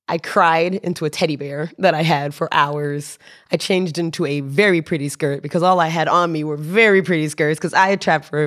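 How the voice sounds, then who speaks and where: A young woman telling a personal travel story in casual conversation. She is animated, often corrects herself and laughs as she goes. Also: low-pitched. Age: young adult.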